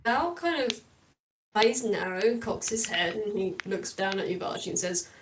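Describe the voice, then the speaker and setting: A woman's voice: medium pitch, lively intonation, normal speed, distant mic, noisy background. A woman narrating as game master in a chatty way, breaking off to laugh and digress.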